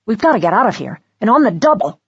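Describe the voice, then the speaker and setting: A woman narrator voicing a grim, protective male spy partner with a clipped, low delivery. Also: big pitch swings, fast talker, slightly rough, no echo, highs cut off, heavily acted.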